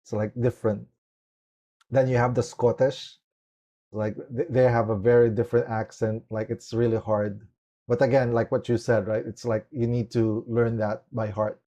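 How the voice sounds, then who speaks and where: A man's voice: mid-range voice, little pitch movement, normal speed, dark tone. A man hosting a podcast interview in a casual, rambling way, leaning heavily on "like" as he talks. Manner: rambling, heavy use of "like" and "it's like". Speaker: podcast host.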